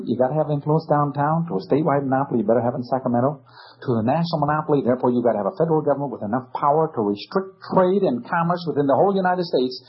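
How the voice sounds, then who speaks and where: Husky guy lecturing, sarcastic and punchy, pitch jumps all over, muffled old tape. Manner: emphatic, sarcastic, rhetorical questions. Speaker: speaker. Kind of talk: political lecture.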